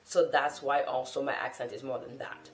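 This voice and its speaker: A woman's voice: very deep voice, fairly even intonation, moderate pace, soft background music. A woman from France, a native French speaker, talking to camera in an earnest, thoughtful and encouraging way as a language-learning vlogger. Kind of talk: casual talk to camera. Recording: roomy echo.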